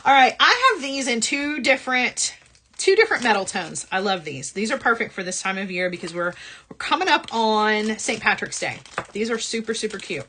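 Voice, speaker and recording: A woman's voice: fairly high pitch, expressive, moderate pace, bright, forceful tone, slight background noise. A woman hosting a live jewelry-supply sales show, chatting upbeat and often tagging her sentences with "right?". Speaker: host of a live shopping show.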